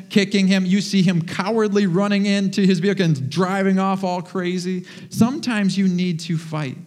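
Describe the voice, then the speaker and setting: A man preaching a sermon as pastor, animated and joking as he tells stories to his congregation in a church. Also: on the high side. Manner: animated, humorous storytelling. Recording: long reverb of a large hall.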